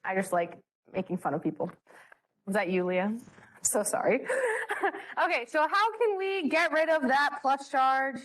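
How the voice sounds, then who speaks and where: A woman's voice: high-pitched, lively intonation, normal speed, fairly bright tone. A young woman leading a chemistry study session in a bubbly, joking way. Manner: bubbly, joking, self-mocking. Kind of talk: classroom teaching.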